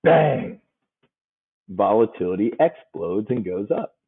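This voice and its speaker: A man's voice: medium pitch, animated, moderate pace, slightly rough. Joking man teaching trades, tinny sound. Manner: folksy, joking, emphatic repetition. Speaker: options trading instructor. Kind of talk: casual trading lesson.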